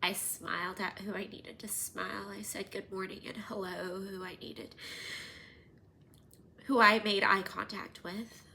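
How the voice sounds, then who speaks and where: A woman in her thirties hosting a podcast, telling personal stories in an animated, casual way, sometimes dropping to near-whispers. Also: mid-range voice, a little slow, gravelly, a little hiss or hum. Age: 30s. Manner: animated, drops to near-whispers and laughs often. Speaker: podcast host.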